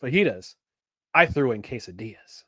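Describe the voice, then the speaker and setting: A man's voice: mid-range voice, big pitch swings, moderate pace, bright, forceful tone, no echo. Rambling sports podcast co-host, man. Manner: rambling, many restarts and fillers. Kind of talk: casual sports chat.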